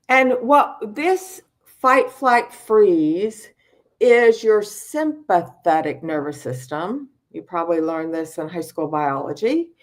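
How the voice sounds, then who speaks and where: A middle-aged woman giving a calm, unhurried mindfulness talk over a video call and guiding a breathing exercise. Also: on the low side. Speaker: mindfulness speaker.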